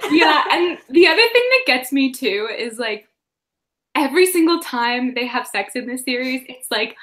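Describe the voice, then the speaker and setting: A woman's voice: high voice, lively intonation, moderate pace, fairly bright tone. A young woman hosting a casual book chat livestream, chatty and laughing, with many fillers. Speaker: livestream host.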